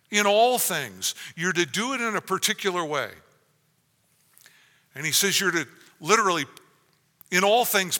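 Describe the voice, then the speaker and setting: A man's voice: high voice, pushed and bright, in a large hall. A man preaching a sermon as pastor, earnest, with frequent restarts.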